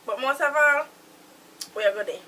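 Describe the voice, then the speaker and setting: An actress with a Jamaican accent playing an unstable woman who holds a man captive, swinging between hushed threats and shouting. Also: high-pitched, animated, moderate pace, slight background noise, rough recording. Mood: brooding. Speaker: actor. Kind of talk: acted film drama.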